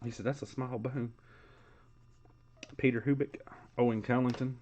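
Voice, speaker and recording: A man's voice: mid-range voice, fairly even intonation, normal speed, mellow, dull audio. Chatty man calling a card break. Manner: casual, chatty, calls out player names. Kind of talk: live card break commentary.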